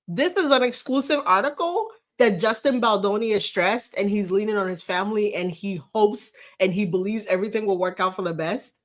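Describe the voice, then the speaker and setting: A woman's voice: mid-range voice, brisk, hardly any pauses. A woman hosting a casual livestream, reading a news article aloud and mocking it with sarcastic, incredulous remarks and frequent laughter. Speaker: livestream host. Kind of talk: casual commentary on celebrity news. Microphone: live stream camera setup.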